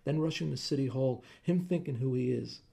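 A man's voice: mid-range voice, brisk, creaky, mellow, husky. A man voicing a hot-headed, drunk, out-of-work husband who blusters and pities himself. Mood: angry. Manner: blustering, self-pitying.

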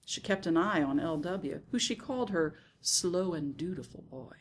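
A woman narrating a first-person literary story in a soft, hushed, intimate reading. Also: on the low side, lively intonation, moderate pace, slight background noise. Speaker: audiobook narrator.

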